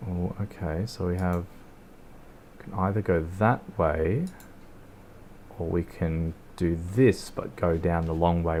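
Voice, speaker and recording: A laid-back Australian streamer rambles about his gameplay in a low, slightly mellow voice, speaking slowly with frequent pauses. He swears and laughs now and then, and there's a little hiss or hum on the recording.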